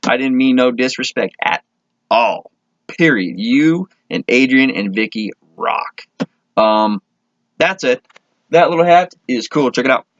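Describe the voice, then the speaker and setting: A man from Minnesota talks casually to his camera, rambling along, correcting himself and enthusing as he goes. His voice sits at a middle pitch. The sound is close and dry, with a dull, lo-fi tone. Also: animated, measured pace, no echo. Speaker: vlogger.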